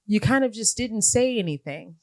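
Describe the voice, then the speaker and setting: A woman's voice: medium pitch, expressive, normal speed, darkish tone, no room sound. A reflective woman host, recorded dry. She leads a conversational interview, affirming and prompting her guest.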